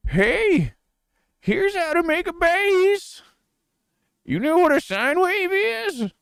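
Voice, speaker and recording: A rambling old backwoods grandpa with a thin, wavering voice. He drawls slowly and loudly, pitched far above a normal man's speech, the tone oddly pinched and distant. The sound is dry and close, with no room behind it. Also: sing-song, creaky, no echo, exaggerated voice. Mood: grumbly.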